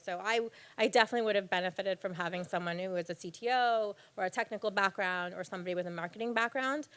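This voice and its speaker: A woman in her thirties speaks to a live audience from a stage in a smooth, clear voice. She tells her story candidly and earnestly. She often pauses on fillers. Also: mid-range voice, fairly bright tone. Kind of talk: personal talk to an audience. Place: event stage before an audience.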